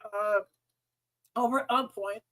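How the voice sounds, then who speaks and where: High-voiced man ranting angrily. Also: steady tone, a little slow, sharp tone, rough recording. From United States. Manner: angry, exasperated, swearing often. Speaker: podcast host. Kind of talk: profane ranting monologue.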